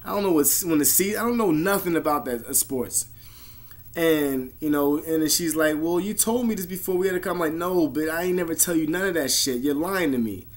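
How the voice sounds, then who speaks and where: A man telling a personal story to camera in a rambling, heavily profane, emotional way, often trailing off into quieter stretches. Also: fairly quick. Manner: trails off quiet and low at times. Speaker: vlogger.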